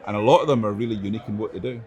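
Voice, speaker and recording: A middle-aged Scottish man speaks in a fairly low voice, halting and repeating himself as he gathers his thoughts. His humor is dry and understated. He is interviewed on a busy conference floor. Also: a crowd in the background. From Scotland. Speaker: interview guest, chief growth officer. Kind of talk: casual convention interview.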